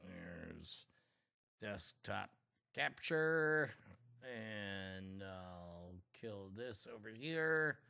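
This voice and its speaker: Slow, gravelly, bright-voiced man. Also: fairly low pitch, sing-song. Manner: slow, distracted, muttering while working a computer. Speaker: podcast co-host. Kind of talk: casual podcast banter.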